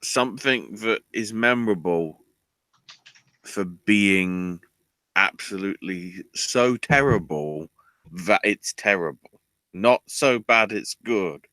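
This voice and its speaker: A man's voice: on the low side, slow pace, sharp tone, no room sound. A man hosting a podcast, recapping a show in casual chat with sarcastic, exasperated storytelling. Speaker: podcast host.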